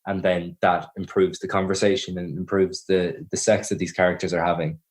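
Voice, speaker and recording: A man's voice: low-pitched, flat delivery, a little fast. A young Irish man in his twenties, answering interview questions about his acting work in a thoughtful way, often restarting his sentences. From Ireland. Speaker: actor guest.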